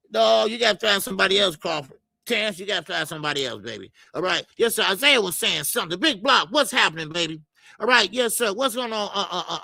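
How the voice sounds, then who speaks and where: Gravelly, high-voiced man hosting a boxing stream. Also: pushed and bright, dry recording. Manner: loose and profane, lots of filler stammers. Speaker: boxing show host. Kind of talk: casual live-stream chat reading comments.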